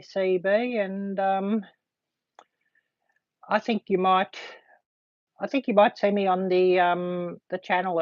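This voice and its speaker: A woman hosting a casual livestream, chatting to viewers in a halting way full of ums. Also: fairly low pitch, darkish tone, dry recording. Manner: halting, filled with frequent ums. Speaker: livestream host. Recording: dull lo-fi dry sound.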